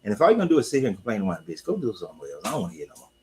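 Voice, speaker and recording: A man hosting a casual livestream talk, blunt and animated, swearing and laughing often. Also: on the low side, racing, background noise. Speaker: host.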